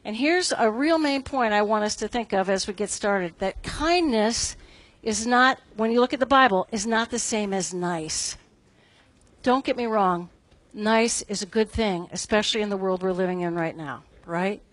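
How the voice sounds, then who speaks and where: A woman's voice: mid-range voice, moderate pace, no room sound. A middle-aged woman gives a casual devotional talk at a Bible study. She is conversational and self-deprecating, and often checks in with "right?".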